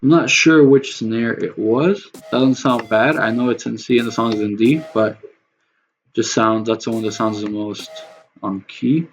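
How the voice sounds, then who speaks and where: A man's voice: mid-range voice, fairly even intonation, a little slow. A man streaming a music production session, talking loosely to his chat with a bit of swearing. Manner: rambling, loose and profane, talks to chat viewers. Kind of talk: casual livestream talk while producing. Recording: slightly dull lo-fi stream audio with faint noise.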